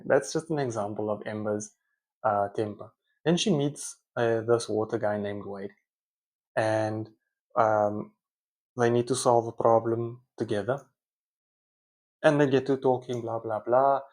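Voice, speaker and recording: A man's voice: medium pitch, fairly even intonation, measured pace, darkish tone. A man giving a casual, conversational monologue, often correcting himself mid-sentence. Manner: rambling, self-correcting, conversational. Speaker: speaker, parent.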